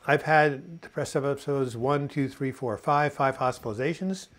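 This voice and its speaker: Man, 60s, live-stream host, chatty, corny jokester, mid-pitched voice. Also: normal speed. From United States. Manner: chatty, tells corny jokes and puns, reads viewer comments aloud. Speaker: host of a live video chat on mental health. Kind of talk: casual live-stream chat.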